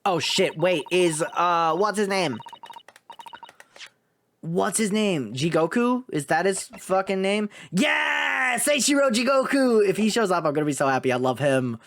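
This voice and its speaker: A man streaming a game playthrough, chatting casually with excitable, rambling asides and frequent swearing. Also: high-pitched, a little slow, slight background noise. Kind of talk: casual let's-play commentary.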